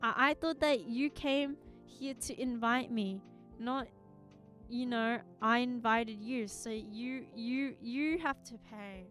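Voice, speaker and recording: A woman streamer chats casually with her viewers. She is playful and teasing and giggles easily. Her voice is high and her pace unhurried, and soft music plays behind her. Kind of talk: casual chat.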